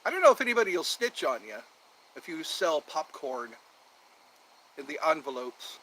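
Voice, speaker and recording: Rambling, animated outdoor vlogger man. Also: on the high side, slight background noise, rough recording. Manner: meandering, jokey, drawn-out words. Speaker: channel host. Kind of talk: rambling casual livestream chat.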